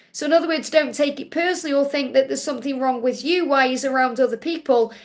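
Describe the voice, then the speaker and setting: A woman hosting a live-stream Q&A as a spiritual card reader, relaying messages in a soothing, reassuring way and often repeating key phrases. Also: sits high.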